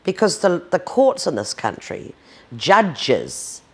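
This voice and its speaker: A blunt woman in her fifties speaks with a New Zealand accent. Her voice has a gravelly edge and swings widely in pitch as she drives each point home. She swears freely and doesn't soften a thing. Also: big pitch swings, normal speed. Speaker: interviewee, domestic violence advocate. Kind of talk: candid conversational interview.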